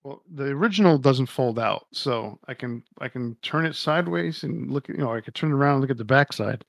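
A man's voice: medium pitch, animated, brisk, gravelly, no room sound. Rambling opinionated man, dry sound. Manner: rambling, opinionated, swears casually. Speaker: podcast co-host. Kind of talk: casual podcast chat.

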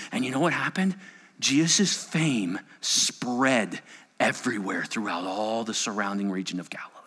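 A man preaching a sermon as pastor, animated, swinging between loud emphasis and hushed asides. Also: a little high. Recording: long hall reverb.

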